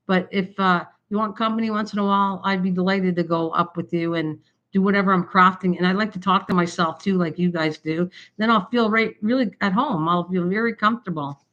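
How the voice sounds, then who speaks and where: An older woman rambles cheerfully to her livestream viewers about crafts, with a bright, sharp edge to her voice. Her talk wanders and breaks into laughs. The sound is dull and lo-fi, as if picked up by a camera's built-in mic at home. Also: fairly low pitch, a little fast. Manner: chatty, rambling, often laughing. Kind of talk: rambling casual livestream chat.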